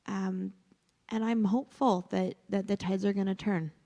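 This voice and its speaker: A woman's voice: mid-range voice, fairly even intonation, moderate pace, mellow, highs cut off. A woman in a class discussion, speaking reflectively and with some hesitation. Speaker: class participant. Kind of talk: group discussion. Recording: long hall reverb.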